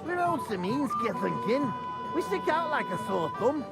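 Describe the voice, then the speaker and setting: An actor playing a rowdy, hard-drinking Moravian man with a Scottish accent, gruff, blunt and swearing, in a video game. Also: very high-pitched, big pitch swings, normal speed, over loud music, exaggerated voice. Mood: brash.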